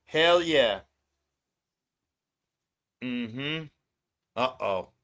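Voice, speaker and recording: A man's voice: medium pitch, lively intonation, drawn-out words, a bit bright. A man hosting a casual livestream, ranting with lots of swearing and frequent laughter. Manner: profane ranting, laughs often. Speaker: livestream host.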